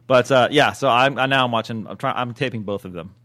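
A man's voice: mid-range voice, quick pace, fairly bright tone. Joking man on a podcast. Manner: joking, teasing banter. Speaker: podcast co-host. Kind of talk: casual chat.

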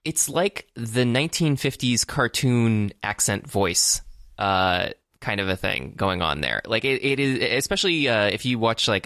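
Low-voiced man rambling about a movie. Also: sharp tone, clear, resonant tone, no room sound, studio quality. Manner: rambling, hesitant, many fillers and restarts. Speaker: podcast co-host. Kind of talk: casual movie discussion.

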